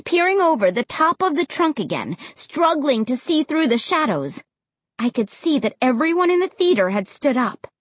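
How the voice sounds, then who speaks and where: A woman reads a creepy tale with theatrical flair. Her voice sits high and slightly breathy, leaping up and down in pitch as the tension rises. The sound is close and dry. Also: sing-song, moderate pace, dry recording. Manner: dramatic, voices characters with big pitch jumps. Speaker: audiobook narrator. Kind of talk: expressive audiobook narration.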